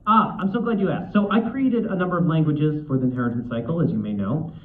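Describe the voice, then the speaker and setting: A man's voice: a little high, quick pace. A man speaking at a convention panel, chatty and self-deprecating, with frequent fillers and restarts. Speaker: author and convention guest. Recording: tinny echoey hall recording.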